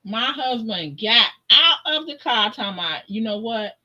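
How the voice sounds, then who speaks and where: A woman chatting as a guest on a live stream, telling stories in a lively way and laughing often. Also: fairly high pitch, normal speed, highs cut off. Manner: animated, laughs often, acts out voices in her stories. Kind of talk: casual storytelling.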